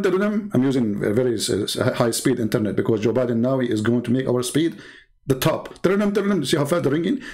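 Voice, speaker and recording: A man hosting a livestream with a fairly high voice. He talks in a mocking, sarcastic way and leans hard on his emphasis. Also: darkish tone. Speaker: host. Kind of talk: livestream commentary.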